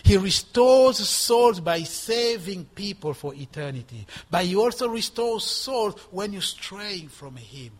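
A man around sixty preaching a sermon in an emphatic manner, repeating words for stress and swinging between loud and soft. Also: sits high, sing-song, a little slow, hardly any pauses. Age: 60s. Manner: emphatic, rising and dropping in volume, repeating for stress.

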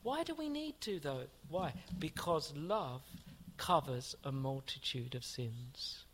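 A man preaching with an earnest, searching tone, his voice sitting a little high for a man. He poses rhetorical questions to the congregation and reads aloud from a commentary. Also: sing-song, slow, fairly bright tone, slight background noise. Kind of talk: sermon.

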